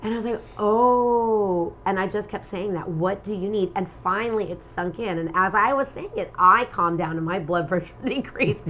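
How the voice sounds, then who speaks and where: A middle-aged woman co-hosting a relationship talk, telling a story with lively energy. She slips into the voices of the people in her story. There is a faint hiss behind her. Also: mid-range voice, normal speed, few pauses, rough recording. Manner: animated storyteller, acts out quoted lines. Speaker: relationship podcast co-host. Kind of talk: casual chat.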